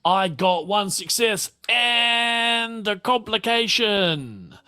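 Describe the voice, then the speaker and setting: Slow, bright-voiced Australian game master. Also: male voice, high voice, clean tone. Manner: relaxed, rambling, many fillers. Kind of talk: narrating a tabletop game.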